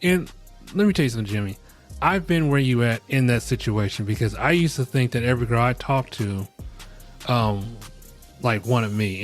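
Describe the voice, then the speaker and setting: A middle-aged man talks straight into the mic, handing out blunt, jokey advice in a loose podcast monologue. His voice sits at an ordinary middle pitch. Faint music plays quietly behind him. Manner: frank, rambling, jokey. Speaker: podcast host giving advice.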